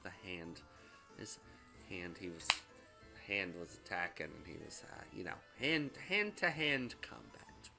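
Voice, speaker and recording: A man's voice: deep voice, very animated, unhurried, gravelly, over music. A young man casually reviewing a movie, rambling and swearing, with lots of fillers. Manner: rambling, profane, many fillers. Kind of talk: casual vlog commentary.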